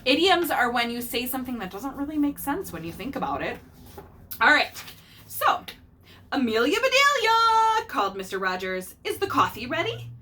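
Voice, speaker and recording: A woman reading a picture book aloud to her child, pausing to explain idioms and acting out the characters. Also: fairly high pitch, sing-song, pushed and bright, slight background noise.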